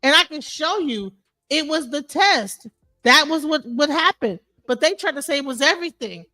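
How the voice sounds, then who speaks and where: High, bright woman arguing heatedly. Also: lively intonation, moderate pace, dry recording. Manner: emphatic, repetitive, swears freely, says bro and sir. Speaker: panelist in an open online panel. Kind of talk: heated argument.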